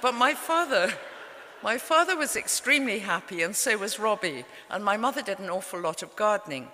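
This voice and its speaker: A woman's voice: mid-range voice, lively intonation, fairly quick, background noise. A middle-aged English woman, an author, telling a story to a live audience in a wry, understated way. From England. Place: event hall. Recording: reverberant live venue.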